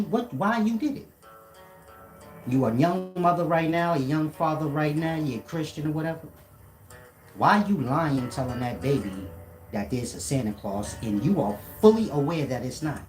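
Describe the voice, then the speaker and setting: Man, casual rant, profane and confrontational, echoey room, soft guitar faintly behind. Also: on the high side. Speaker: commentator. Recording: roomy echo.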